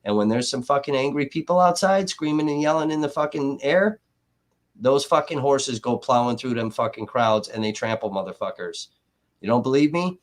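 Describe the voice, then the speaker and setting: A man with a middle-pitched voice talks straight to his livestream viewers. His delivery is casual and heavily profane. He keeps circling back into angry ranting. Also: moderate pace. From Milwaukee area. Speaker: livestream host.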